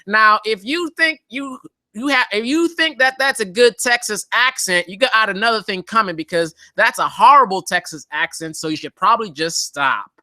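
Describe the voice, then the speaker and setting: A man's voice: high voice, normal speed, pushed and bright, dry recording, studio quality. A man hosting a live motorcycle channel update, talking casually in a joking, rambling way with lots of fillers.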